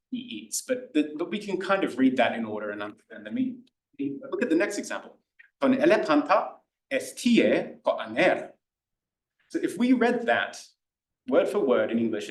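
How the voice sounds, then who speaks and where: A man with an Australian accent, teaching an introductory language class in a chatty, enthusiastic way, full of fillers and restarts. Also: medium pitch. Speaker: Greek tutor. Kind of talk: classroom lecture. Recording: echoey room, voice somewhat far from the mic.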